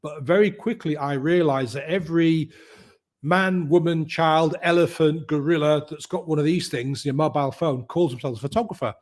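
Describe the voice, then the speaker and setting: A middle-aged man, a guest telling his story in a lively way and acting out the voices of the people in it. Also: a little high, moderate pace. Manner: lively, acts out quoted voices. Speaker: guest, mindset coach. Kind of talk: animated storytelling.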